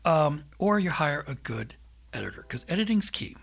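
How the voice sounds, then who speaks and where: Male podcast host, bright husky tone, animated, chatty. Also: a little high, moderate pace. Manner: animated, laughs often. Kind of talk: casual chat.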